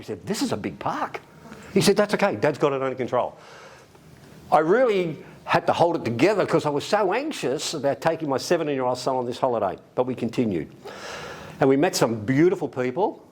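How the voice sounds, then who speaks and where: An Australian man in middle age tells a story in a relaxed, chatty way. His voice sits in a middle register, and he livens it with quick shifts as he voices other people. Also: medium pitch. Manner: animated, acts out quoted voices, laughs often. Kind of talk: casual anecdote telling. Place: library event room.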